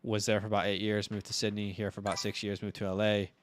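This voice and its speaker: A man from Virginia co-hosting a live stream, chatty and teasing, giving quick asides. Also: fairly low pitch, monotone, slight background noise. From Virginia, United States. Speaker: co-host. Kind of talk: casual live-stream chat.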